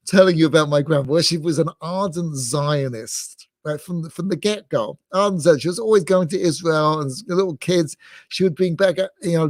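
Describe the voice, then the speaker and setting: A man's voice: on the high side, no room sound, clean studio sound. A middle-aged man from England, a rabbi giving a rambling lecture, full of restarts and fillers, amused by his own asides. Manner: digressive, many restarts and fillers, self-amused.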